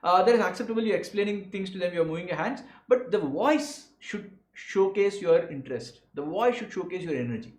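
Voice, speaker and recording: A man's voice: high-pitched, a little fast, few pauses, reverberant, rough recording. A young man with an Indian English accent coaching students for interviews, stressing his words with a voice that rises and falls. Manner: animated, stresses words, voice rising and falling. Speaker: exam coach. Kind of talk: instructional talk to students.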